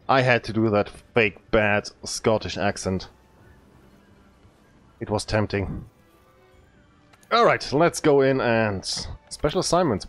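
Relaxed man doing gameplay commentary. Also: fairly low pitch, slow, long pauses, soft background music. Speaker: let's play host.

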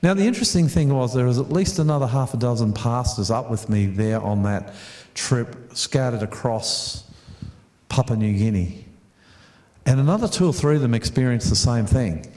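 A man's voice: medium pitch, animated, normal speed, a little mellow, echoey room. A middle-aged Australian man preaching a sermon to a congregation, chatty, repeating words and putting questions to the audience. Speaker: pastor. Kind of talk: storytelling sermon.

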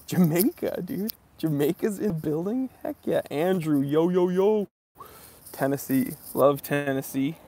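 A man's voice: medium pitch, darkish tone, a little hiss or hum. A man from New England hosting a live stream outdoors outside a library, greeting viewers by name in an upbeat, casual way.

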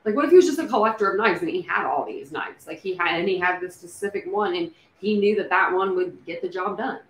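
A woman's voice: on the low side, expressive, quick pace. Rambling woman chatting on a livestream. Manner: rambling, speculative, many fillers and restarts. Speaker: true crime livestream host. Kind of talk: casual livestream chat. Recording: echoey room with faint background noise.

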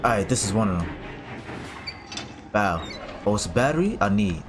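A man's voice: on the low side, lively intonation, moderate pace. A man commentating his horror game playthrough, reacting in panic with casual slang. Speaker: gaming streamer. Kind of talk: let's play commentary. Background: game music.

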